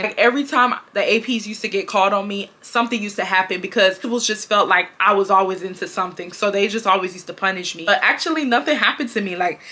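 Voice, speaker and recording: A young woman telling a personal story to her viewers in a casual, animated, slangy and profane way. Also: medium pitch. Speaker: storytime YouTuber.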